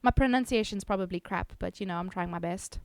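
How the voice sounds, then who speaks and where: A woman's voice: mid-range voice, brisk, darkish tone, smooth, dry recording. A South African woman streamer chatting casually with her viewers, giggly and self-teasing. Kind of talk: casual chat reading viewer messages.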